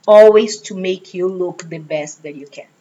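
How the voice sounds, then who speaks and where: A woman's voice: on the low side, moderate pace, warm tone. A middle-aged woman from Brazil with a Brazilian Portuguese accent, talking chattily in an interview with self-deprecating humor. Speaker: franchise business owner. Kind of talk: casual interview. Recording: dull lo-fi sound.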